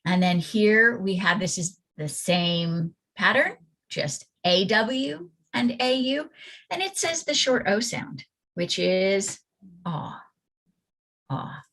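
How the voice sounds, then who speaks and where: A woman's voice: mid-range voice, lively intonation, takes it slowly, a bit bright. A woman reading teacher giving an online phonics workshop for parents, sounding out letters and vowel sounds with care. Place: home or classroom at computer, presenting slides.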